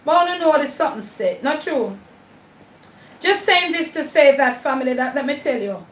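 Chatty Jamaican woman, high voice, echoey room. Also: animated, moderate pace, distant mic, slight background noise. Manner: chatty, mixes patois with English, addresses viewers as family. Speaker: cooking channel host. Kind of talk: casual live-stream chat while cooking. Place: home kitchen.

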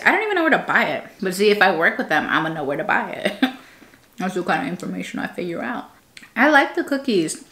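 A young woman chats casually to her vlog audience, rambling from one point to the next with plenty of fillers and restarts. Her voice sits in an ordinary middle pitch but has a bright, sharp edge. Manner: chatty, rambling, lots of fillers and self-corrections. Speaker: vlogger. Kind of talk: casual chat.

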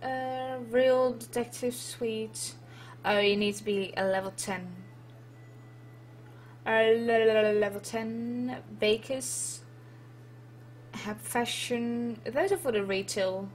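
A woman with a Dutch accent gives relaxed, unhurried commentary over a life-sim game. She chats playfully and reads the game's prompts aloud, with a faint hum in the background. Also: on the high side. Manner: chatty and playful, reads on-screen text aloud. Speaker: let's play host. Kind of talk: casual gameplay commentary.

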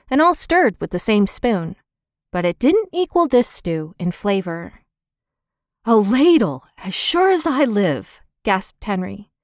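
A woman narrating a children's storybook in a lively, expressive reading, voicing the characters' lines. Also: medium pitch, no room sound, studio quality. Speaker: audiobook narrator.

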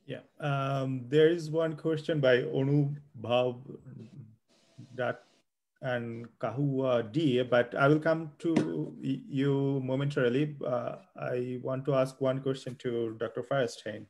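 A man's voice: medium pitch, steady tone, slow, darkish tone. A man hosting an interview, asking audience questions with frequent hesitations and restarts. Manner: hesitant, many fillers and restarts. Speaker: host interviewer.

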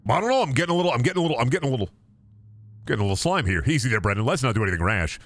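A man's voice: big pitch swings, racing. Rowdy, cursing male game streamer. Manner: profane, rowdy trash talk to the game; jumps between loud yelling and low mutters. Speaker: gaming streamer. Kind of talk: live gaming stream commentary.

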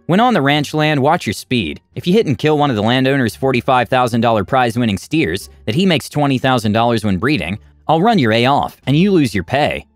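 A man's voice: medium pitch, very animated, fairly quick, few pauses, no echo, soft background music, lightly acted. A man voicing a blustering, bullying male trucking boss who curses and threatens. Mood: angry. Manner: gruff, cursing, threatening.

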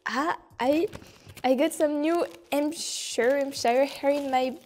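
Effusive French woman, mellow higher voice. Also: slow, slight background noise. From France. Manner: effusive and exclamatory, with gasps and laughter. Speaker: vlogger opening gifts from viewers. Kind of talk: casual vlog talk to camera.

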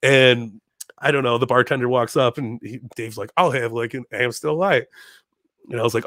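A man in his thirties from Chicago, a podcast guest telling a story in a casual, animated way, laughing and putting on voices. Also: medium pitch, a little slow, no room sound, clean studio sound.

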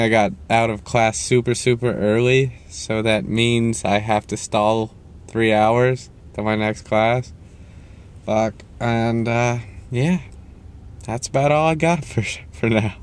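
A man's voice: mid-range voice, smooth. A young man ranting casually to camera, rambling and cursing as he jumps around in his story. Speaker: vlogger.

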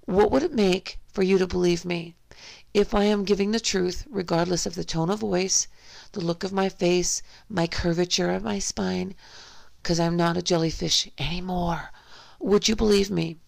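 Hoarse woman vlogger with laryngitis, gravelly fry, dry close sound, keeps pressing questions. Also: lowish voice, steady tone, moderate pace, no echo. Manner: insistent rhetorical questioning. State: hoarse, has a cold and laryngitis. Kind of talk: spoken monologue to camera.

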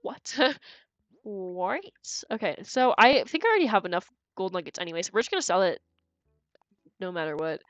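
A woman's voice: mid-range voice, expressive, normal speed, dry recording, lo-fi sound. A woman streamer giving live game commentary in a chatty, giggly way, thinking aloud and stumbling over repeated words.

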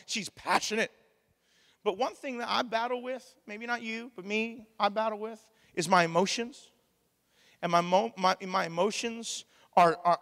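Pastor, 40s, bright high voice, sermon in a reverberant church hall. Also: male voice. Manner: animated, plays out quoted voices, laughs often.

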